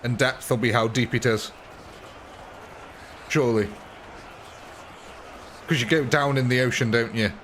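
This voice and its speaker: A man's voice: mid-range voice, steady tone, measured pace, pauses often, fairly bright tone, a little hiss or hum. A man giving chatty, amused live commentary on a strategy game while thanking viewers and answering chat. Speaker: game streamer.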